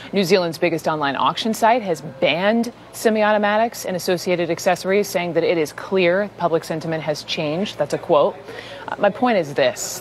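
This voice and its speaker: Low-voiced female news anchor. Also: a little hiss or hum. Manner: earnest, pointed on-air commentary. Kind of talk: cable news commentary.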